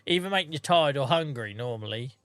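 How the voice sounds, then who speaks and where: A man's voice: mid-range voice, lively intonation, fast, a bit bright, dry recording. A man streaming a game, chatting casually with his viewers by name and humming to himself between remarks. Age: adult with a day job. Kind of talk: casual livestream chat while gaming.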